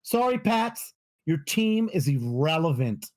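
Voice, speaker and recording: Man, high voice, profane sports ranter, casual podcast co-host. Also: a little slow. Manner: profane, ranting, animated.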